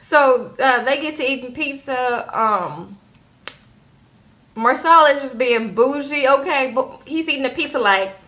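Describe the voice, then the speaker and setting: Sassy, animated woman recapping a show. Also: sits high, unhurried. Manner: animated, sassy, acts out quotes in voices, says "okay?" a lot. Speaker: reality TV recap vlogger. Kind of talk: casual chatty recap.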